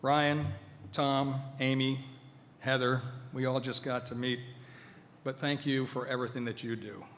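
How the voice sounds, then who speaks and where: A man giving a formal speech to an audience at a veterans' event, measured and earnest, with touches of light humor. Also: medium pitch, little pitch movement, a bit bright, slight background noise. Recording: hall reverb, faint ambience.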